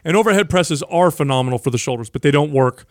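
A man's voice: fairly high pitch, expressive, fast, no echo, studio quality. A man co-hosting a podcast, explaining things in a matter-of-fact way. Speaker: podcast co-host. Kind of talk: casual chat.

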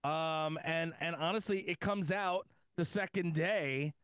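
A man's voice: on the high side, measured pace, a bit bright, clear, resonant tone, no room sound, clean studio sound. A man from the US East Coast co-hosting a podcast in casual chat, rambling and joking about himself. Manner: rambling, self-deprecating, joking. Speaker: podcast co-host.

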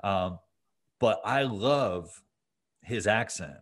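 Deep-voiced male podcast host. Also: animated, very slow, fairly bright tone. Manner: rambling, many fillers and restarts. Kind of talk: casual conversation.

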